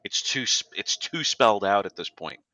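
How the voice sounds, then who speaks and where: A man's voice: on the low side, lively intonation, moderate pace, bright, forceful tone. A man co-hosting a podcast, casually pointing out references and teasing his friends. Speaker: podcast co-host. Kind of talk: casual TV recap chat.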